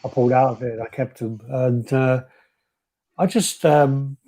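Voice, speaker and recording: A man's voice: mid-range voice, steady tone, normal speed, warm tone. A man hosting a casual live stream, reading out viewer comments with a laid-back, swearing manner. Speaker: host.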